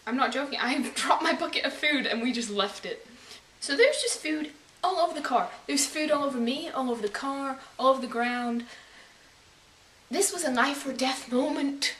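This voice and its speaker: A young woman telling a story to the camera in casual, dramatic bursts, swearing and sometimes yelling. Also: sits high, animated, moderate pace, slight background noise. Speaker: vlogger.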